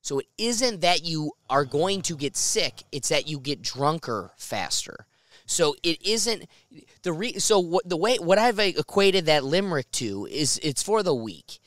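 A man hosting a relaxed beer-tasting podcast, rambling through long explanations and laughing often. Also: on the high side, unhurried, no room sound, clean studio sound. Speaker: podcast host. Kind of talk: casual chat over beers.

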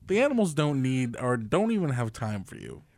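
Casting note: man, podcast sidekick, animated swings in pitch, wisecracking, dry sound. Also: no room sound. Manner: wisecracking, quick reactions. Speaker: podcast co-host. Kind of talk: casual chat.

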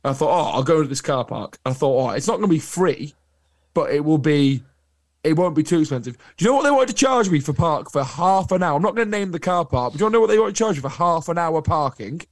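A young adult man with an English accent, co-hosting a podcast in casual chat, telling animated anecdotes. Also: a little high, quick pace. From England. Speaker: podcast co-host.

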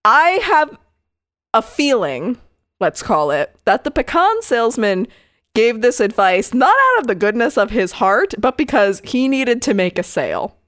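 A woman's voice: a little high, very animated, measured pace, a bit bright, no echo, studio quality. A woman co-hosting a podcast, telling a case story in casual chat with frequent asides and the odd swear word.

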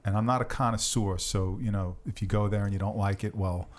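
A man with a New York accent, a podcast guest, chatting casually and telling lively stories. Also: lowish voice, brisk. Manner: animated storyteller. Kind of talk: casual chat.

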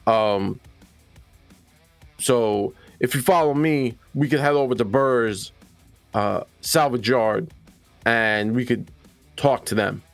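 A man's voice: mid-range voice, takes it slowly, long pauses, no room sound, soft background music. A man as a rambling wasteland guide. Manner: rambling, reassuring. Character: hard-drinking wasteland townsman, friendly guide.

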